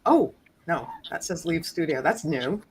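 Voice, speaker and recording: A woman's voice: low-pitched, expressive, measured pace, crowd noise, poor audio. A woman hosting a casual live-stream chat on a video call from home, bubbly and giggly as she chats while cooking. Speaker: host of a live stream hangout.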